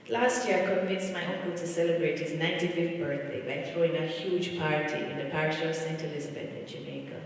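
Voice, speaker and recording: Eulogy reader: man, slow and solemn, higher voice, far from the mic in a big echoing church. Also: steady tone, slight background noise. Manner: measured, solemn delivery with repeated phrases. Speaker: family member giving a eulogy. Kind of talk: funeral eulogy. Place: large church.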